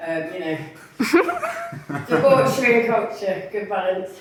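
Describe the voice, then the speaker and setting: A woman's voice: medium pitch, wildly swooping pitch, measured pace, background noise. Bawdy woman doing stand-up, echoey bar. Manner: bawdy, laughing at own jokes, quoting in voices. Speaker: stand-up comedian. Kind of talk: stand-up comedy set. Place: comedy night in a bar. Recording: echoey bar, mic heard from far.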